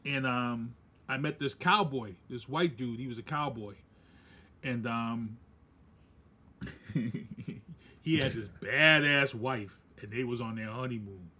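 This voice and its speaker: A man, co-hosting a podcast and telling a story casually, animated and laughing as he acts out quoted voices. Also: medium pitch, takes it slowly, long pauses. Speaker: podcast co-host.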